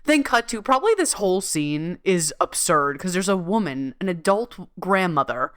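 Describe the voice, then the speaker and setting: A woman hosting a podcast, telling a funny story in an animated, laughing, profane way. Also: on the low side, normal speed, clean tone, no room sound, clean studio sound. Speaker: podcast host.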